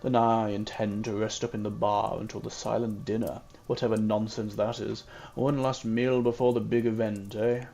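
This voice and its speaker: A man's voice: fairly low pitch, little pitch movement, moderate pace, creaky, warm tone. A man in casual game commentary, musing aloud and muttering to himself as he plays. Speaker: gamer.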